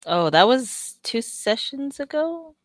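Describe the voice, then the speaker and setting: A woman's voice: high voice, big pitch swings, slow pace, no room sound, clean studio sound. A woman playing a tabletop game, chatting casually and describing her character's actions in the third person. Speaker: player.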